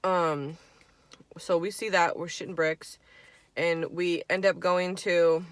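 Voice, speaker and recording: A woman's voice: fairly low pitch, steady tone, slow pace, no room sound. A young woman vlogger chats through a story while she eats, loose and profane. She acts out her friends' lines with plenty of animation. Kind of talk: casual storytime while eating.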